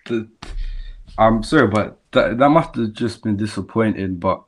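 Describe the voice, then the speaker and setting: A man's voice: fairly low pitch, moderate pace. A man hosting a podcast interview, asking short questions and offering encouraging backchannels. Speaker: podcast host. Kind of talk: conversational interview.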